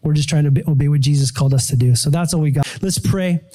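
A middle-aged pastor delivers a sermon testimony, animatedly recounting his story and acting out his own prayers and surprise. His voice is a little high and fast.

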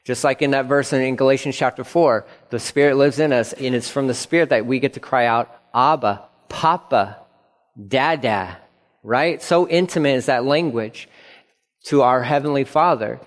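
A man's voice: mid-range voice, fairly quick. A middle-aged man preaching a sermon as pastor, earnest, repeating phrases for emphasis. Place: church sanctuary. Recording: long reverb of a church hall.

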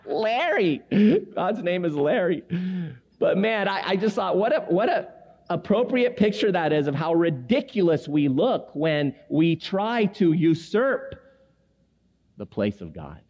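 A man's voice: sits high, big pitch swings, takes it slowly, a little mellow. A man in his forties, born in Lebanon, preaching to men in a chatty, humorous storytelling way and acting out the people in his stories. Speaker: preacher at a men's gathering. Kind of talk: storytelling sermon. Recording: echoey hall, dull lo-fi sound.

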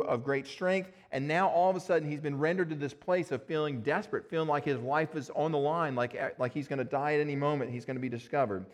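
A male pastor preaches to his congregation and tells the story with earnest drama. His voice sits a little high for a man. He speaks loosely, with fillers and restarts, and leans into vivid scenes. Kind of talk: sermon.

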